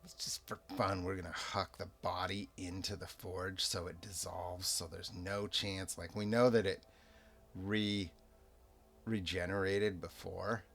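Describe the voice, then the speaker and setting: A man narrating a solo tabletop game as game master, in a relaxed, rambling, self-amused way. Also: deep voice, unhurried, vocal fry. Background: soft background music.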